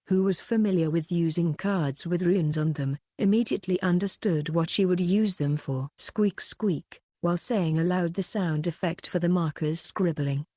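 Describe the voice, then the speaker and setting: A woman narrating an audiobook with a steady, even reading. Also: lowish voice, dry recording, studio quality.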